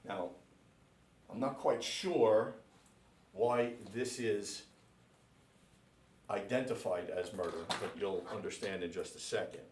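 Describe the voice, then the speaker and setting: Slow, deliberate priest lecturing. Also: male voice, fairly low pitch, darkish tone. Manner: slow, deliberate, spells out names letter by letter. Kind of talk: classroom lecture. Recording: echoey room, mic at a distance.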